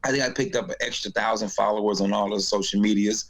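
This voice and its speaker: A man's voice: lowish voice, quick pace. A man from North Carolina, a comedian telling a story in a casual interview and acting out the voices of the people in it. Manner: animated storyteller, acts out voices. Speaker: guest comedian.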